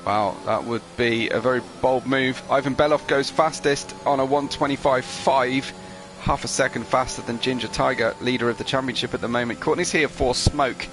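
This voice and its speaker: A man's voice: medium pitch, steady tone, normal speed, a bit bright, slight background noise. A man commentating an online racing qualifying session, chatty, reading out viewer messages with frequent fillers. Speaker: race commentator.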